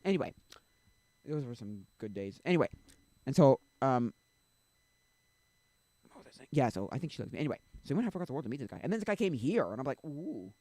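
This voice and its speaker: A young man rambles on his live stream in casual chat, drifting between points and often losing his train of thought. His middle-pitched voice is mellow and very animated, fast but broken by long pauses. The sound is dry and close, with no room echo.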